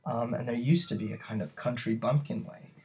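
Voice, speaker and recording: A man's voice: mid-range voice, fairly quick, darkish tone. A man teaching a poetry lesson, talking it through thoughtfully and searching for words as he explains.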